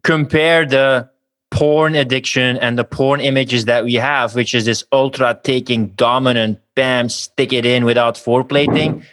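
Guy hosting a podcast, mid pitch, rambles through his questions. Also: steady tone, unhurried, fairly bright tone. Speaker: podcast host, interviewer. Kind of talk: casual podcast interview.

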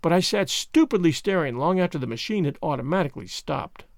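A man narrating a horror story aloud in a slow, solemn way, chanting the ritual passages. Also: a little high, expressive, creaky, dry recording, clean studio sound. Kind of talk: dramatic audiobook reading.

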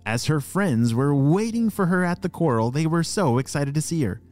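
A man narrating a children's story, animated and talking directly to young listeners with questions. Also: fairly high pitch, moderate pace, soft background music.

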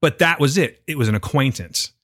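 Quick, animated male co-host with dry, close sound. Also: mid-range voice, no echo. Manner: storytelling, animated quoting of others. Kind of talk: casual chat.

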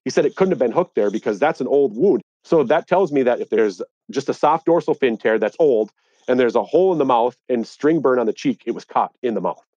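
A man's voice: mid-range voice, animated, a little fast, warm tone, dry recording, highs cut off. A man in an interview, earnestly recounting a dispute with officials and growing indignant. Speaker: interviewee, angler. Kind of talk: conversational storytelling.

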